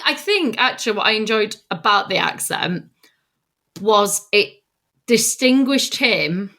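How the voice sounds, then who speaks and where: A woman's voice: medium pitch, sharp tone. A woman co-hosting a podcast, chatting casually and enthusiastically, often giggling. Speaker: podcast co-host. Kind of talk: casual chat.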